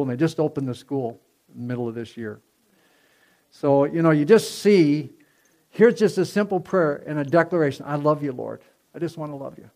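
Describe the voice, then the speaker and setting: A man's voice: mid-range voice, a little mellow. A man preaching a sermon in a conversational storytelling way, with many fillers and restarts, to a church congregation.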